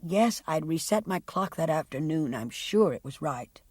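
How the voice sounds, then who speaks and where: A woman voicing a young woman testifying about her sister in an audiobook, speaking quietly and haltingly. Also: low voice, animated, breathy edge, no room sound. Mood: shaken. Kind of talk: audiobook character reading.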